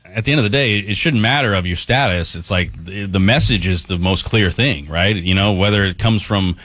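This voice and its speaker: Deep-voiced man chatting on sports radio. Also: brisk, fairly bright tone, no room sound. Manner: rambling, many restarts and fillers. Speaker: guest, former ballplayer. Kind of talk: casual radio chat.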